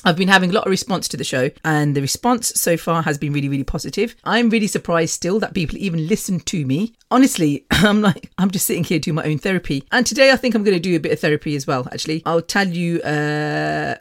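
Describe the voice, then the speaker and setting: A woman's voice: lowish voice, fast talker, hardly any pauses. A woman hosting her own podcast, chatting casually, laughing often and wandering off on tangents. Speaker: podcast host. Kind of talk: casual rambling monologue.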